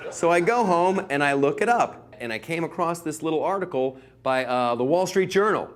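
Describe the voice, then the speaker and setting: A man's voice: on the high side, expressive, normal speed. A male comedian doing a sarcastic stand-up monologue, rambling with filler words.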